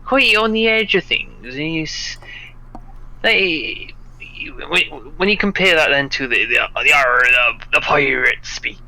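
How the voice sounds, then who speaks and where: A Welsh man with a very bright, sharp voice, a touch high for a man. He rambles and jokes with lots of restarts in a loose, casual chat on a stream. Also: animated, unhurried, no echo, low-quality recording. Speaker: guest on a livestream.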